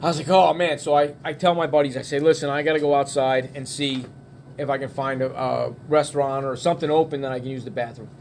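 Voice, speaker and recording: A middle-aged man at a bar telling a casual story in an animated, profane way, acting out the quotes. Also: medium pitch, fast, slight background noise.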